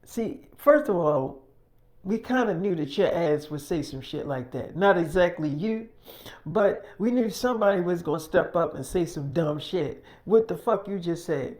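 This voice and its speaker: A man's voice: high-pitched, animated, moderate pace, a little mellow. A man voicing a bossy, foul-mouthed, fatherly enforcer who barks streetwise orders. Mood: angry. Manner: profane, streetwise, barking orders.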